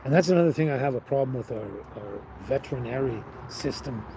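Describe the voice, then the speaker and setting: A man's voice: mid-range voice, lively intonation, brisk, noisy background. Man rambling on a live stream. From Canada. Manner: rambling, talks to chat viewers by name. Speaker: livestream host. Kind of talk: casual live-stream chat.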